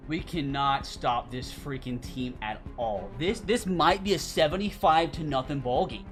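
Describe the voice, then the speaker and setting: A man's voice: a little high, animated, fairly quick, hardly any pauses, fairly bright tone, breathy edge. A young man commenting on his own gameplay as a YouTuber, groaning and exasperated, with frequent outbursts. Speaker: gaming YouTuber. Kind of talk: live game commentary. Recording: game music behind voice.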